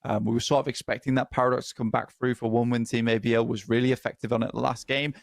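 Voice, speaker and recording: Gravelly-voiced male esports caster. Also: mid-range voice, level tone, no room sound, studio quality. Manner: measured, analytical, frequent ums. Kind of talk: esports draft analysis commentary.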